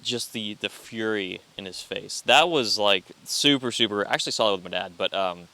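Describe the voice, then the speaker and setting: A young man co-hosting a podcast, chatting casually and telling stories with lively retellings of movie scenes. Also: lowish voice, moderate pace. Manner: animated storyteller, quotes movie lines. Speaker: podcast co-host. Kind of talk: casual chat.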